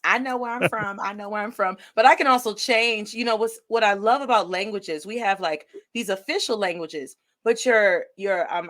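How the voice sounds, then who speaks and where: A woman from Detroit with a Detroit Midwestern accent, hosting a podcast interview over a live video call with energetic, expressive talk that mixes in Spanish words. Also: medium pitch. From Detroit, Michigan. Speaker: podcast host. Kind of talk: conversational interview.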